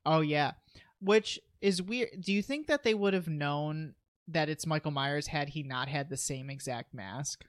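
A man's voice: on the high side, a little slow, dry recording. A man co-hosting a podcast, chatting casually through a movie recap with eager asides. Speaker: podcast co-host.

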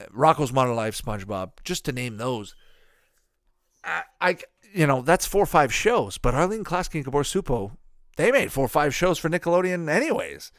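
Swearing, animated man reviewing cartoons. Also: medium pitch, no room sound, studio quality. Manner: profane and offhand, mocking asides. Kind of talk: casual rambling watch-along commentary.

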